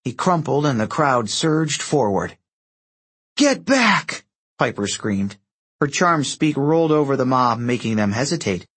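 A man reading an adventure audiobook aloud, expressive and giving each character a voice. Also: mid-range voice, moderate pace, husky. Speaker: audiobook narrator. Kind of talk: scripted narration.

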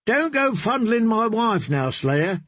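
A man's voice: sits high, sing-song, slow, fairly bright tone, no room sound, voice pushed up, full character voice. A man voicing a drunken, boastful young male singer who teases and swaggers in an audiobook. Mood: tipsy boastful. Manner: teasing, swaggering.

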